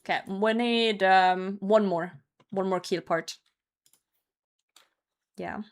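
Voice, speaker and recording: A woman's voice: mid-range voice, steady tone, slow. A young woman streamer chatting casually with her chat while gaming, laughing often and swearing now and then. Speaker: live streamer.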